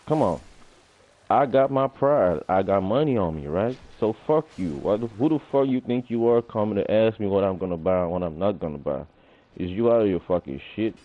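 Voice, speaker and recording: Profane streamer man, tinny audio. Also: on the low side. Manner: profane, animated storytelling, acts out confrontations. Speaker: gaming streamer. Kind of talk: casual livestream rant.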